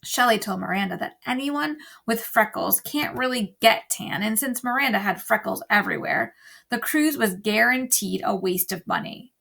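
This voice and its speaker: A woman teacher reading a novel aloud to an online class, telling it in an expressive storytelling way. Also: fairly high pitch, moderate pace, vocal fry.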